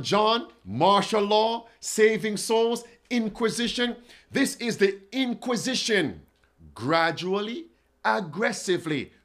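Male preacher, livestream sermon; animated, swooping pitch, pleading calls to his viewers. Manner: slow, dramatic preaching, pleading appeals; reads quotes aloud and addresses chat viewers.

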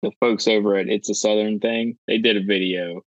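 A man's voice: fairly low pitch, fairly even intonation, fairly quick, no room sound. A man co-hosting a casual podcast in an easygoing way, trailing off with "uh". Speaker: podcast co-host. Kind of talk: casual chat. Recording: dull, dry close mic.

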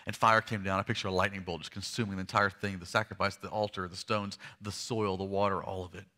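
A man preaching a sermon, retelling a story dramatically, swinging from loud emphasis to hushed lows and slowing down to stress key lines. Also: little pitch movement. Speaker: pastor.

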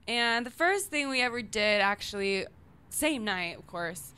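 A woman's voice: mid-range voice, expressive, measured pace, bright, forceful tone, clean tone, no echo. A young adult woman chatting candidly as a podcast guest, giggling as she tells stories. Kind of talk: casual chat.

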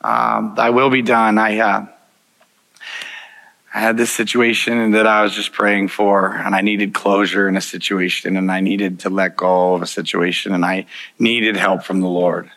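A man's voice: lowish voice, level tone, a little slow, vocal fry, a bit bright, rough recording. A man preaching a sermon, telling personal stories in an earnest way, chuckling often and restarting his sentences. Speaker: pastor.

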